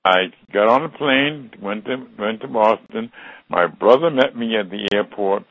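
A man's voice: medium pitch, gravelly, fairly bright tone, dry recording. An older American man telling his life story in an interview, earnest and reflective, often restarting his sentences. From United States. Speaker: interview guest. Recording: dull lo-fi dry recording.

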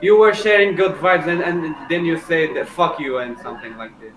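A man's voice: on the high side, animated, normal speed, noisy background. Rambling man in an echoey room. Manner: rambling, backpedaling. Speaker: stranger on video chat. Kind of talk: casual chat.

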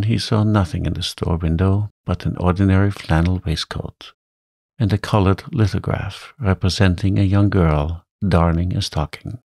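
Man, very low voice, gravelly, calm bedtime story reading, dry close sound. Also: dry recording. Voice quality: soft, soothing, gravelly.

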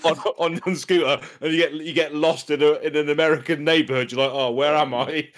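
A man co-hosting a podcast, telling a story in an animated, laughing way. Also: a little high, a little fast. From outside the US. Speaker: podcast co-host.

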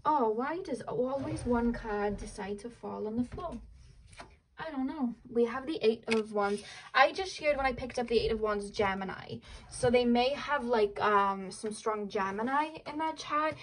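A woman's voice: fairly high pitch, a little slow, slight background noise, poor audio. A young woman giving a casual tarot reading to camera, chatty and rambling with lots of fillers. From Wales. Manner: chatty, rambling, frequent "like" and "um" fillers, laughs easily. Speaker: tarot reader.

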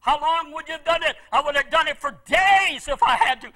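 A middle-aged male pastor delivering a sermon in a very high, sharp, bright voice. He tells his story with great passion, pleading loudly at some moments and dropping to a near hush at others. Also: fairly quick, few pauses, rough recording. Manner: impassioned storytelling preacher, swings from loud pleading to hushed.

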